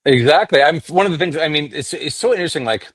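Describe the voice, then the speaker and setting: A man's voice: fairly high pitch, quick pace, husky, dry recording. A middle-aged man from Canada, a voice actor talking casually in an interview and slipping into accent demonstrations. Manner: demonstrates accents, animated storyteller. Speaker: voice actor guest.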